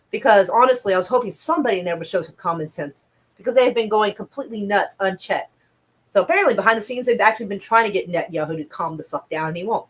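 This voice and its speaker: A woman's voice: mid-range voice, low-quality recording. A woman streaming casual news commentary, blunt and profane, chatting with viewers between headlines.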